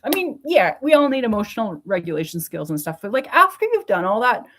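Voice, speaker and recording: A woman's voice: medium pitch, sing-song, fast, fairly bright tone, a little hiss or hum. A middle-aged woman from Canada venting in a casual, blunt monologue, swearing often and laughing between words. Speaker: vlogger.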